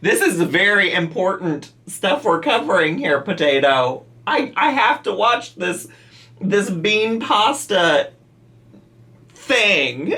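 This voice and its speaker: A man's voice: high-pitched, big pitch swings, takes it slowly, pushed and bright. A man hosting comedic reaction commentary, incredulous and teasing, often breaking into laughter. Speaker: reaction channel host.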